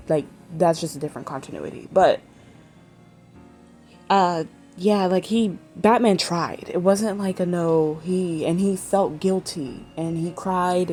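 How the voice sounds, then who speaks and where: A woman's voice: fairly low pitch, warm tone. A woman chatting casually in a vlog, rambling and swearing freely and trailing off mid-sentence. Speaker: vlogger.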